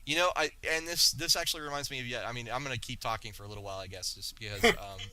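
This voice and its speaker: A man in his forties, a podcast guest, telling stories in a lively way with many stammers and restarts. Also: medium pitch, rapid-fire, low-quality recording. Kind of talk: casual storytelling.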